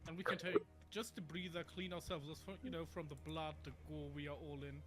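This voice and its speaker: Higher-voiced earnest guest player, man. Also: steady tone, fast, faint music behind. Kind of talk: casual tabletop game chat.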